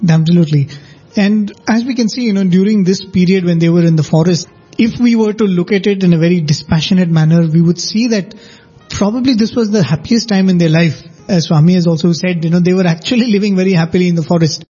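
High, husky, mellow-voiced man. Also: fast talker, soft background music. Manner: conversational storyteller, frequent "you know". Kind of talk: spiritual discussion. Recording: dull lo-fi recording.

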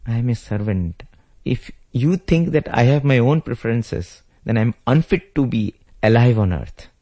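Man playing a loyal young brother, pleading, earnest, slow, mellow and husky. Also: mid-range voice, animated, natural voice.

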